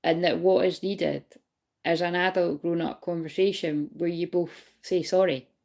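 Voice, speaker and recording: A woman's voice: lowish voice, steady tone, a little slow, vocal fry, a little mellow. A woman giving a casual, rambling spiritual reading to viewers. She swears freely, laughs often and keeps asking whether they know what she means. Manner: laughs often while talking. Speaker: spiritual reader.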